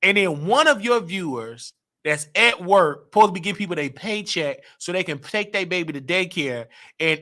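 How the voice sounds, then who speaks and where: A man hosting a livestream show in an animated, boastful rant. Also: fairly high pitch. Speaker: show host.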